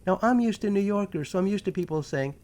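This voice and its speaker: A man from New York with a New York accent, hosting a talk show in a casual, animated monologue full of sarcastic asides. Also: high-pitched, fast. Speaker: podcast host.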